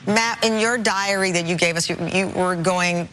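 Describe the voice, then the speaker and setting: Woman hosting a live daytime talk show, upbeat and chatty, sincere with her guests, mid pitch, faint room hum. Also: normal speed. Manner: energetic, conversational, sincere. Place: TV studio.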